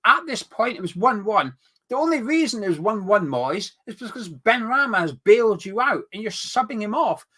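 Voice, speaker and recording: A man's voice: high voice, big pitch swings, moderate pace, sharp tone, slightly rough. Worked-up man ranting. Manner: worked-up, exasperated, sarcastic rants. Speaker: fan channel host. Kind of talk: heated football fan commentary.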